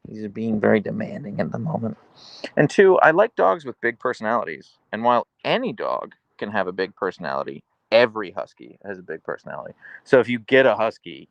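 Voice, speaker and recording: A man's voice: lowish voice, creaky, no room sound. A man hosting a casual live stream, chatting easily as he answers viewers' questions. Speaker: livestream host reading chat.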